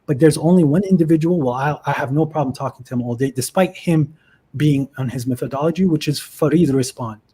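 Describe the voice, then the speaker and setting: A man with a somewhat high, husky voice and a warm, mellow tone. He talks earnestly and with feeling over a video call. This is a casual livestream chat. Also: fast. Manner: earnest, emotional storytelling. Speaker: guest.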